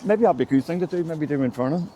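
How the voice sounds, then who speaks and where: Outdoors on city streets, a middle-aged Belfast man with a Northern Irish accent guides a walking tour, chatting and telling stories while saying "mate" constantly. His warm voice sits on the high side with lively intonation, and he races along over slight background noise.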